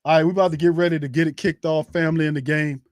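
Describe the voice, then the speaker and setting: A fired-up man calls a game as a fan host, ranting hotly with repeated words and stumbles. His voice sits a touch high for a man and comes through dry and close to the mic. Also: flat delivery, rapid-fire, darkish tone, no room sound. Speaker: host of a fan watch party. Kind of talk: live fan play-by-play commentary.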